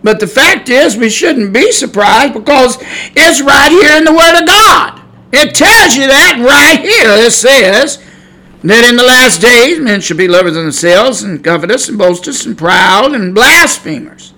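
A middle-aged man preaches to his podcast listeners in a high, bright, piercing voice. He climbs into shouted warnings, then drops back into loose, chatty asides. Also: animated, a little slow, rough recording. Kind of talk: preaching sermon. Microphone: podcast mic.

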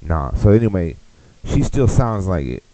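A man with a very low voice rambles through a crude comedic rant as a podcast host. His loose, swearing delivery sounds close and dry. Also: very animated, moderate pace, dark tone, no echo, poor audio.

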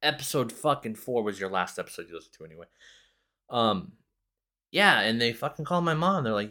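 Low-voiced young man, rambling and profane. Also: big pitch swings, fast talker, pushed and bright. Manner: rambling, profane, self-mocking. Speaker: podcast host. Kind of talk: casual solo storytelling.

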